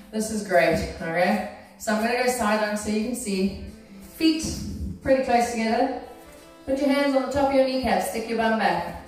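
Woman fitness teacher talking the class through stretches, kinda high voice, far off the mic. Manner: encouraging, gives cues and checks in with okay. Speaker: fitness instructor. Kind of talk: guiding an exercise class. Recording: very echoey room from far off, faint music.

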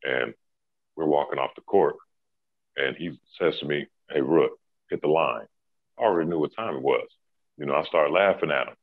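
A middle-aged former pro basketball player tells stories casually, laughing and laid-back, with plenty of fillers. His voice is very deep and brisk, and the recording is dry with a tinny, phone-like sound.

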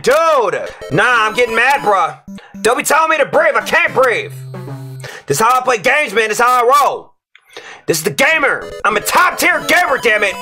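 High, bright-voiced man raging at a game. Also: sing-song, normal speed, faint music behind. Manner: loud, ranting, yelling at the game. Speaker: streamer playing a platform game. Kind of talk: rage gameplay commentary.

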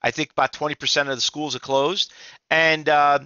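A man's voice: fairly high pitch, steady tone, normal speed, bright, forceful tone, clean tone, dry recording, dull audio. A middle-aged man, an exhausted trading instructor giving rambling, emphatic market commentary to viewers with many restarts.

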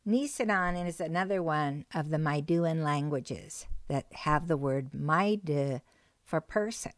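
A woman teaching a recorded language lesson, speaking slowly and patiently and repeating key words with care. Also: fairly low pitch, no echo. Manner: slow, careful, patient delivery with repeated phrases.

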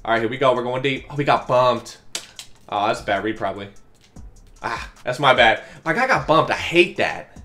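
A man giving live commentary over his own football video game, talking strategy to viewers and yelling at big plays. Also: medium pitch, expressive, moderate pace, soft background music. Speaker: gaming YouTuber.

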